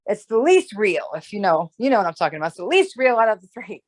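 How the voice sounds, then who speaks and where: Fast-talking and medium-pitched with big swings in pitch, this woman is an astrologer guest. In casual conversation she lays out ideas at length, wandering and restarting, often adding "right?" to check in.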